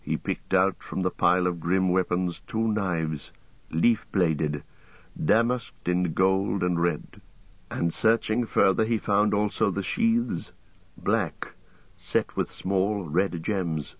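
A man narrating a story audiobook in a measured, steady way. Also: low-pitched, no echo, muffled recording.

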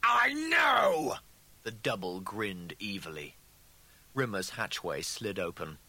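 A man narrating an audiobook in a deliberate, dramatic storytelling style. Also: low-pitched, pushed and bright.

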